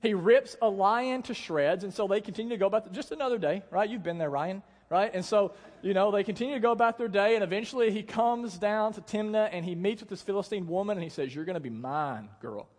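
High-voiced joking young preacher in a hall. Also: male voice, fast talker, few pauses, a little mellow. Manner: casual, joking storytelling with acted-out quotes. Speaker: pastor. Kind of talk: sermon. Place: church hall. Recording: long hall reverb.

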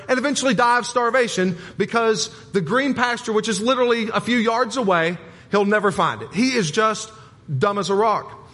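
Pastor, male, high voice; folksy, punchy sermon delivery in a church sanctuary. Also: bright, forceful tone. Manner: folksy, emphatic preaching with repetition and humor. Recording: long hall reverb.

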